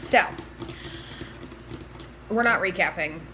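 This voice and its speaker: A young woman co-hosting a casual TV recap, animated and swearing as she acts out her reactions. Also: fairly low pitch, slow, background noise. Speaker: co-host.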